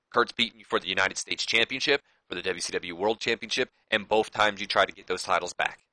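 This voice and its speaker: A man's voice: on the low side, sharp tone, no room sound, rough recording. A man casually commentating a wrestling management game, rambling and correcting himself as he goes. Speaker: gaming YouTuber.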